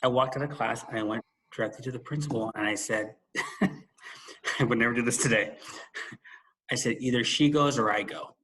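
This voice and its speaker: A man's voice: mid-range voice, fairly even intonation, fairly bright tone, a little hiss or hum. Man telling a story in casual chat. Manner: conversational, quick asides, laughs at himself. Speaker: podcast co-host and former school administrator.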